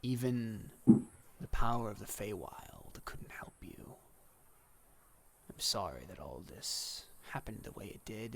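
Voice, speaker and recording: A man's voice: on the low side, creaky, slight background noise, full character voice. Man whispering as somber Death. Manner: soft, sorrowful whisper. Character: Death, a somber, patient male reaper. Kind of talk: whispered role-play.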